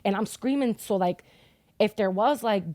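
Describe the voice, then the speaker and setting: Her voice is medium-pitched and darkish, paced moderately, in a recording free of echo. A young woman on a podcast tells the emotional story of losing her son, plainly and with plenty of swearing.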